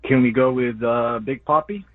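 A man's voice: mid-range voice, normal speed. A man calling in to a radio trivia game, answering hesitantly. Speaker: caller. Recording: dull lo-fi call line.

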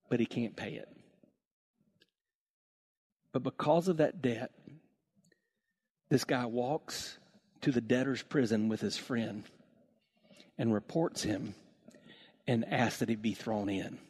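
A man preaching a sermon to his church, telling stories with lively acted-out voices. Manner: animated storytelling, acts out voices with big swings in pitch. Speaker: pastor.

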